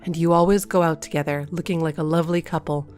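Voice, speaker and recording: A woman's voice: low-pitched, fairly even intonation, quick pace, a little mellow, faint music behind, natural voice. A woman voicing a spiteful, envious neighbor woman. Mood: resentful. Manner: bitter, resentful.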